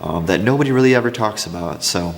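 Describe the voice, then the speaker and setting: A man's voice: low voice, quick pace, vocal fry, long reverb tail, a little hiss or hum. A man sharing business advice in a casual, rambling talk to camera, telling stories with frequent restarts. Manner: rambling, restarts often, animated storytelling. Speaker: craft business coach.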